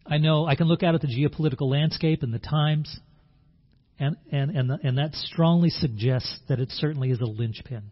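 Husky male pastor preaching. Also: a little high, fairly quick. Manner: earnest, with repeated words and restarts. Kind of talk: sermon. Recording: dull lo-fi sound.

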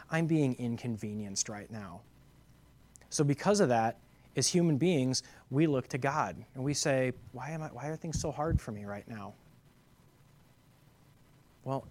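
A man giving a sermon as a pastor, moving from quiet reflection to loud, emphatic preaching full of rhetorical questions. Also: medium pitch, no echo.

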